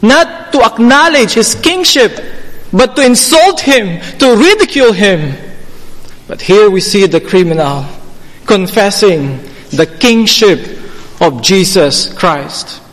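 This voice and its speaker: Slow, high-voiced preacher in a reverberant hall. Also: male voice, fairly bright tone. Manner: slow, deliberate, emphatic preaching, rising to fervent pleas. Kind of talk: sermon.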